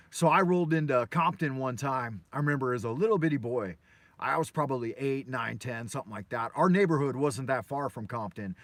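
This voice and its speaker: A man's voice: mid-range voice, expressive, normal speed, a bit bright, dry recording. Rambling, swearing American man in his car. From Los Angeles, USA. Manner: loose, profane, meandering, full of fillers. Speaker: host of a live morning show. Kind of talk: rambling live-stream storytelling. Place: in a car on a morning drive.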